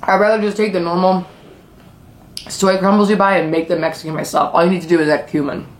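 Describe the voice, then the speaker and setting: Young woman vlogger, lowish voice, casual eat-and-chat storytelling, profane and rambling. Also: steady tone, fast talker. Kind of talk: casual chat while eating. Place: at home, eating on camera.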